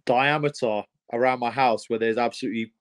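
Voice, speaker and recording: A young man, a professional fighter, answering interview questions in a rambling, excitable way with many fillers and restarts. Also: medium pitch, brisk, smooth.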